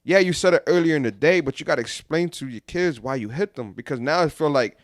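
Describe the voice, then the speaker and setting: A man's voice: a little high, expressive, quick pace, no echo, clean studio sound. A young man co-hosting a podcast in casual chat, rambling and repeating himself. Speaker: podcast co-host.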